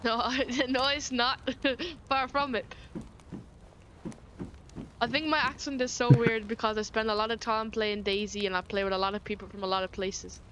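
A woman's voice: fairly high pitch, steady tone, normal speed, a bit bright, a little hiss or hum. An Irish woman streaming a game, chatting casually, swearing freely and often restarting her sentences. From Ireland.

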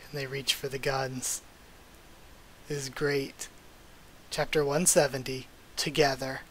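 A young man hosting a comic readthrough, narrating and reacting in an animated, openly emotional way. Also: medium pitch, takes it slowly, a little hiss or hum. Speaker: channel host reading a comic.

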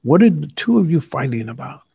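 A man's voice: a little high, very animated, a little fast, creaky, warm tone, slightly rough, no room sound, clean studio sound, exaggerated voice. A man reading as a sensible lady elephant. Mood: questioning. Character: calm, sensible female elephant.

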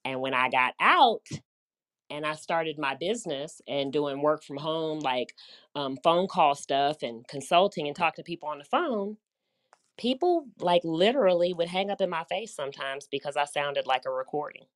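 Low-pitched lady w a light southern drawl, chatty and upbeat, just hanging out talking to folks. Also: animated, moderate pace. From United States. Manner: chatty, upbeat, warm with listeners, loose run-on talk. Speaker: host, business coach. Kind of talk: casual live audio chat.

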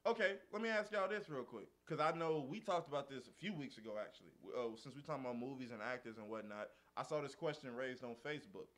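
A young man co-hosting a casual podcast chat, animated, laughing often and acting out quotes. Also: medium pitch, quick pace, few pauses. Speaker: podcast co-host.

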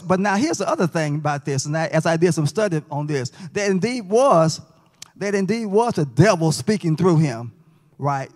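High-voiced man teaching a church class. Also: a bit bright. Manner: folksy, jokes and quizzes the class. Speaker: Sabbath school teacher. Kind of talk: interactive Bible lesson. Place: church sanctuary. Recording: long church reverb.

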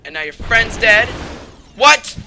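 A young man with a high, very bright voice narrates his gameplay in a let's play. He talks at an unhurried pace between excitable bursts, with his pitch swinging up into yelps and shouts. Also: gravelly, slight background noise. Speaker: gamer doing commentary.

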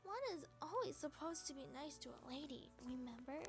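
A woman's voice: high-pitched, expressive, fairly quick, over music. A woman voicing the hesitant, polite male boss of a thief gang.

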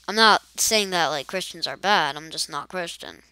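A woman's voice: lowish voice, moderate pace, few pauses, sharp tone, clear, resonant tone, dry recording, studio quality. Chatty woman rambling through gameplay. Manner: chatty, rambling, silly asides. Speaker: let's play gamer. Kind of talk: casual gameplay commentary.

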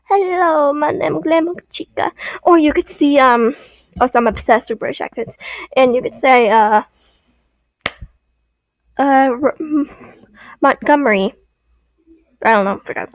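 A high-voiced young woman explains game lore casually. She rambles and giggles, often restarting her sentences. The recording sounds dull and dry, with no room echo. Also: measured pace, pauses often. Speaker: video creator.

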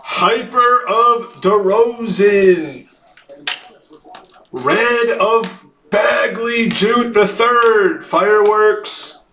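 A man hosting a live card break, calling out each card and shouting at big hits. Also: sits high, extremely slow. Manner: excited, calls out card hits. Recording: echoey room with faint noise.

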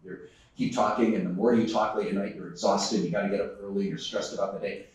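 A man's voice: fairly low pitch, steady tone, quick pace, a little mellow. A man giving a conference talk to a live audience. He tells a story earnestly, laughs often and restarts his sentences. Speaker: conference speaker. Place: large conference hall. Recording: echoey hall, distant microphone.

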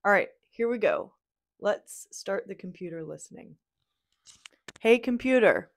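An upbeat woman hosts a casual software demo from her desk, chatting away in an easygoing, mid-pitched voice. She cheers little successes along the way. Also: moderate pace, gravelly.

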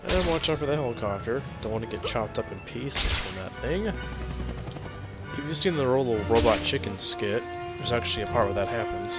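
A man's voice: mid-range voice, animated, normal speed, loud music behind the voice. Joking young man commenting on a game. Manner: joking, chatty. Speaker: gameplay commentator.

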